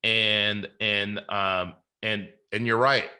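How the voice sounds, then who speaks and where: A man's voice: fairly low pitch, steady tone, slow pace, pushed and bright, clear, resonant tone. A man hosting a podcast in casual interview chat, earnest and faith-filled, often restarting his sentences. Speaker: podcast host.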